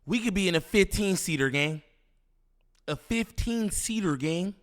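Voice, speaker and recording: Casual male reaction host, slangy and disbelieving, slightly high pitch. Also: lively intonation, unhurried, fairly bright tone. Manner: incredulous, slangy, repeats himself, laughs. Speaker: commentary host reacting to a clip.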